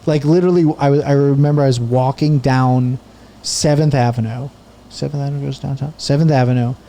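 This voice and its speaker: A man in his thirties hosting a podcast, telling a story in a casual, animated way and swearing often. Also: medium pitch, brisk. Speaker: podcast host and comedian.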